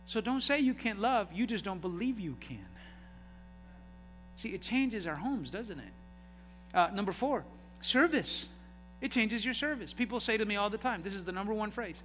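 Impassioned preacher in an echoey hall. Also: male voice, sits high, expressive, a little fast, a little hiss or hum. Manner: impassioned, rising to shouts. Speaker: pastor. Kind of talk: sermon. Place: church sanctuary.

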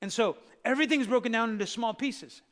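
A man with a high, bright voice preaches to his congregation, telling Bible stories in an animated way. His words ring out with a long reverb that fills a large hall. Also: a little fast. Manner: animated storytelling, acting out biblical characters. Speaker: pastor. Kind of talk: sermon.

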